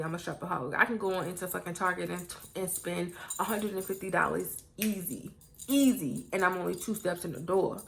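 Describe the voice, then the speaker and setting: A young woman with a gravelly voice, answering get-to-know-me questions in a candid, blunt manner and swearing freely. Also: on the low side, fairly bright tone. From United States. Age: young adult. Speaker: YouTuber.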